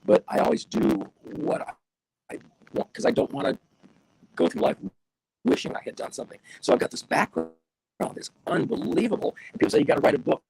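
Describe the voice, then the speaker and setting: An older man, a veteran radio broadcaster, tells stories with wide-ranging enthusiasm in a casual interview, his high, expressive voice running a little fast with a gravelly, husky, darkish tone. The video call carries robotic digital distortion.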